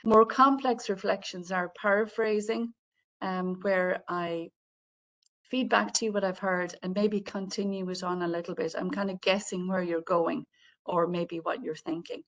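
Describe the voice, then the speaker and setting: Her voice medium in pitch with fairly even intonation, a woman presents a video-call webinar on healthcare communication at a moderate pace. She explains things in a friendly way while addressing the participants, and the audio sounds dull.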